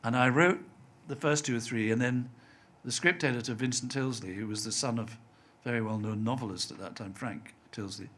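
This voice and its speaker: Older man with a softened Scottish accent. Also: medium pitch, a little fast, hardly any pauses. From Scotland. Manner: chatty storyteller, acts out quoted voices, laughs often. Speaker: interview guest, TV writer. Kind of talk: anecdotal live interview.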